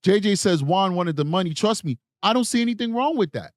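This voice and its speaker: Male streamer host, higher register, emphatic and repetitive, dead dry room. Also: animated, fairly quick, no room sound. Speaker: true crime livestream host. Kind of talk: casual commentary, reading live chat.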